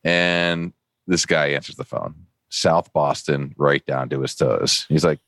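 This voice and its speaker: A man from New Hampshire with an extremely low, deep voice, co-hosting a podcast. He tells stories in casual chat and jumps higher when he imitates the people he quotes. The sound is dry and close. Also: measured pace, no echo. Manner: animated anecdote-teller, jumps pitch when quoting people. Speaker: podcast co-host.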